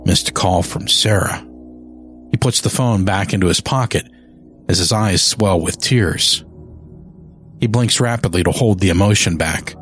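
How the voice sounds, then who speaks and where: Low slow male narrator for an audio drama, clear music underneath. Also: fairly bright tone. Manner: slow, measured storytelling. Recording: music bed behind narration.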